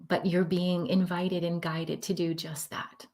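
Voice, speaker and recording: A woman's voice: fairly low pitch, level tone, measured pace, darkish tone. A woman giving a live-streamed spiritual tarot reading, talking in an effusive, emotional, affirming way.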